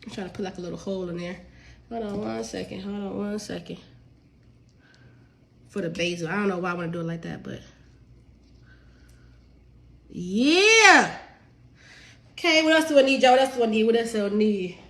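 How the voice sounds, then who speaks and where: Sick and sniffling from a cold, a home cook and cookbook author runs a casual live cooking stream, chatting with viewers she calls y'all and laughing easily. Her medium-pitched voice is expressive and a bit bright, with vocal fry, a moderate pace, and long pauses.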